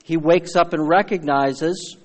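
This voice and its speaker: A man's voice: fairly high pitch, unhurried, big-room sound. A man preaching a sermon as pastor, fervent and emphatic, calling out to his congregation.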